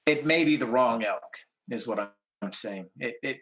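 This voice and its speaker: A man's voice: medium pitch, a bit bright, low-quality recording. A man speaking at a public advisory meeting, explaining how his agency makes decisions. His voice sits in a middle register, and he works through his answers carefully, often restarting a phrase before he lands it. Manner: measured, explanatory, frequent restarts. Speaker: wildlife agency official answering questions.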